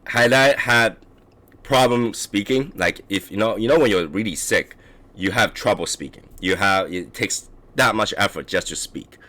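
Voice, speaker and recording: A hoarse man hosting a casual cigar chat stream, rambling with halting restarts and clearing his throat often. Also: on the low side, bright, forceful tone. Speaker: livestream host reviewing cigars.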